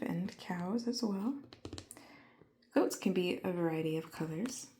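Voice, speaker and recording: A woman giving a calm, gentle lesson to small children, speaking softly and often half-whispering, and playfully imitating animal sounds. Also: on the low side. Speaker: children's educator.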